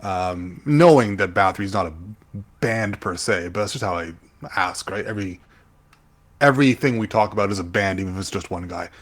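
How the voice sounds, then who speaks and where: A man with a low voice co-hosts a podcast in relaxed, easygoing chat. He hesitates often and is quick to poke fun at himself. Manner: easygoing, hesitant, self-deprecating. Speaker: podcast co-host. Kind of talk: casual chat.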